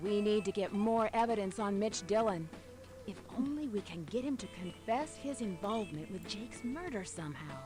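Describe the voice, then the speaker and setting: A woman's voice: medium pitch, expressive, normal speed, close to an everyday voice. An actress playing an earnest teenage girl detective in a mystery game, asking probing questions. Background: game music.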